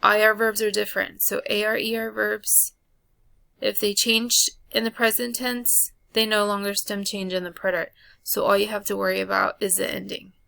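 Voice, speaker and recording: A woman teaching a Spanish grammar lesson in a flat, unhurried voice, pausing on fillers as she works through a chart. Her tone has a heavy gravelly fry. The recording is dry and close, with no room around it. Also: medium pitch, no echo. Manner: slow, flat delivery with frequent ums and uhs.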